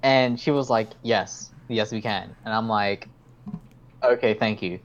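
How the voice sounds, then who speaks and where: A man's voice: on the low side, steady tone, unhurried, highs cut off, slight background noise. A young man hosting a podcast, telling a story in casual chat, rambling, swearing a lot and acting out his own lines. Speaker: podcast host.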